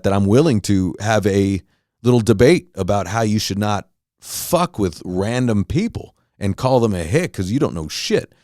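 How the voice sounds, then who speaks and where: A man's voice: lowish voice, darkish tone, dry recording, studio quality. A middle-aged man from Southern California telling a heated, profane story in a casual monologue rant, with lots of restarts. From Los Angeles County, Southern California. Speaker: podcast host.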